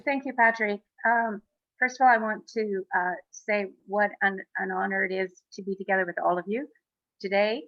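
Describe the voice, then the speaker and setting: A woman co-founder speaking on a panel over a video call, in an earnest, halting way with many fillers. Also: mid-range voice, fairly even intonation, a bit bright, dry recording, muffled recording. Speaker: exhibition co-founder.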